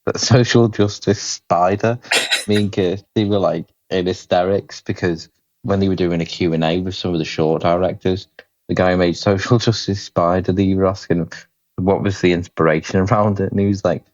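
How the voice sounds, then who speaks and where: A man co-hosting a podcast, casually retelling film scenes in a deadpan way with the odd chuckle. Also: low-pitched, moderate pace. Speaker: podcast co-host. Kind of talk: casual chat about films. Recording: dry, slightly dull lo-fi mic.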